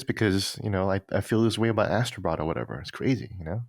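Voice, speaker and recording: A man's voice: deep voice, fast, vocal fry, no room sound, studio quality. A man co-hosting a gaming podcast, chatting casually and often repeating and restarting words. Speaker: podcast co-host. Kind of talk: casual chat.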